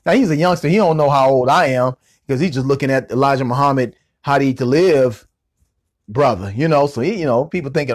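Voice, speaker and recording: A middle-aged man and motivational coach telling a story on his podcast in a lively, slangy way, with vocal sound effects. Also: medium pitch, brisk.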